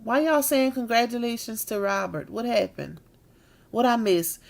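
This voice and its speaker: A woman's voice: a little high, gravelly. Tired woman wrapping up a live stream. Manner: chatty, drawn-out Southern-style slang with y'all and baby. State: tired and yawning. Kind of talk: casual live-stream chat.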